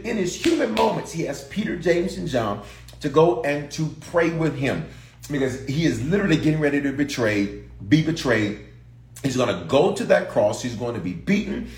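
A pastor with a higher-pitched voice preaches to his congregation and online viewers in an echoey room. He repeats phrases for emphasis and calls on listeners to respond.

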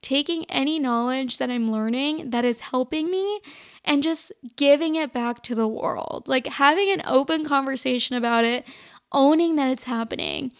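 A young woman with a high voice and a gravelly, fry-heavy edge tells a personal story on her podcast. She talks casually and chattily, leaning on "like" all the time. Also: moderate pace. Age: young adult. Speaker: podcast host.

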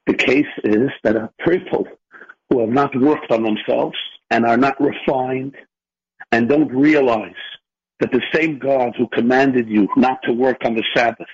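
A man's voice: medium pitch, husky, lo-fi sound. A man who is a rabbi co-hosting a radio talk show, making his point emphatically with long rhetorical lists. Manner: emphatic, builds lists for effect. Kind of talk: radio talk, earnest explanation.

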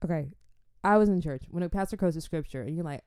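A woman vlogger in casual chat with her viewers, animated and chatty, dropping churchy exclamations. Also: low voice, fast, smooth, no echo, clean studio sound.

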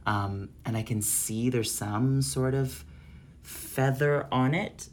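A man co-hosting a podcast in casual chat, relaxed and descriptive, often trailing off. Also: mid-range voice, slow, slight background noise. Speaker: podcast co-host.

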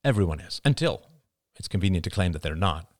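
A man's voice: low-pitched, sing-song, fairly quick, a little mellow. A man voicing an anxious, upset young wife and mother who pleads in an agitated way. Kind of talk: audiobook character reading.

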